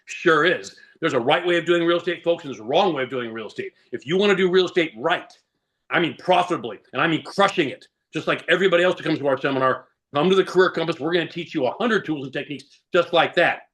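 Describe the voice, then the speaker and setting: A man with a high, quick voice pitches real estate tactics to agents on a video call. He drives his points home with punchy rhetorical questions and a confident, salesy push. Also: fairly bright tone. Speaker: guest speaker, real estate coach.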